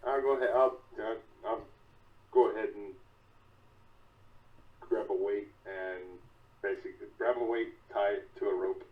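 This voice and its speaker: A man's voice: fairly low pitch, recorded from a distance, phone-quality sound. A man playing a tabletop game, hesitant and full of fillers while deciding his moves. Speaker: player.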